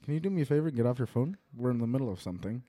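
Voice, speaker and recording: A man's voice: medium pitch, expressive, racing, mellow. A young man co-hosting a casual podcast, joking and laughing often and trailing off into fillers. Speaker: podcast co-host.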